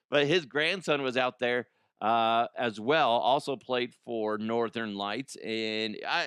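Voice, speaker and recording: A man's voice: mid-range voice, measured pace, hardly any pauses, a bit bright, clean tone, dry recording, clean studio sound. A middle-aged man hosting a podcast in a casual comedic monologue, rambling and profane, congested from allergies. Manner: rambling, profane, laughs at own jokes. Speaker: podcast host.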